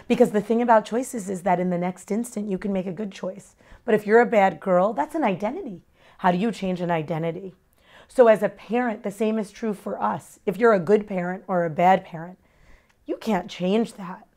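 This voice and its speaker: A woman in an interview talks about raising her kids. She speaks quickly and earnestly, with an ordinary middle pitch and lively swings of emphasis. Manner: fast-talking; earnest, expressive, shifting tone for emphasis. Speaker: parent giving a testimonial. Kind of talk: candid interview answers.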